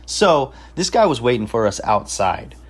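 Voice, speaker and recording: A man's voice: mid-range voice, sing-song, normal speed, breathy edge. A young man telling a party story in casual chat, swearing freely and bragging, with street slang. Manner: profane, boastful, street slang. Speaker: podcast host telling a story.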